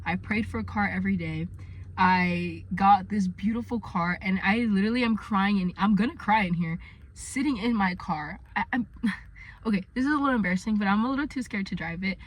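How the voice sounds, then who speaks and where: A woman's voice: medium pitch, fairly quick. Young adult woman, earnest, filler-heavy vlogger, recorded inside her car. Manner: chatty, earnest, many fillers. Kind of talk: casual faith vlog.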